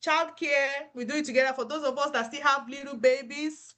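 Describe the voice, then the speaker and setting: A woman with a fairly high voice speaks earnestly to fellow nurses. She encourages them and repeats her key points, like a mentor sharing hard-won advice. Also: steady tone, a little fast, fairly bright tone. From Africa. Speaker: nurse giving career advice. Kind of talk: motivational advice talk.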